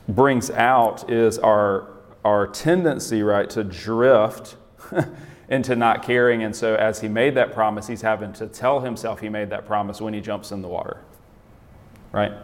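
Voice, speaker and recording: Lowish man preaching in a hall. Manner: conversational, asks the audience questions, laughs often. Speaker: pastor. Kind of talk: casual sermon to a group.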